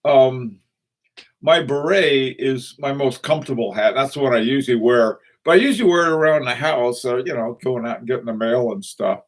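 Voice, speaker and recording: A man's voice: mid-range voice, normal speed. A man hosting a casual livestream about watches. He greets viewers and rambles with frequent chuckles, fillers and restarts. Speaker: watch channel host.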